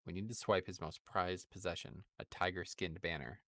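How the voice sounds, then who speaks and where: A man's voice: low-pitched, steady tone, moderate pace, a bit bright. A man reading out the lines of an urgent male human military leader in a plain voice. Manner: plain read-aloud of quest text. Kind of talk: reading game dialogue aloud.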